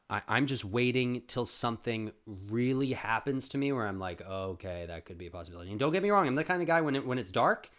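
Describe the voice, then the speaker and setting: A young man hosting a podcast, telling a long casual story with plenty of swearing. He jumps from loud outbursts to quiet, muttered asides. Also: lowish voice. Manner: profane, animated storytelling with sudden loud bursts and quiet asides. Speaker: podcast host.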